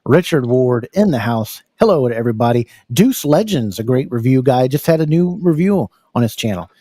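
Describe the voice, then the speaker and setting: An American man hosting a live podcast, energetic and full of fillers, repeating words as he goes. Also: mid-range voice, brisk, dry recording, clean studio sound. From United States. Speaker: podcast host. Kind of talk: casual live podcast chat.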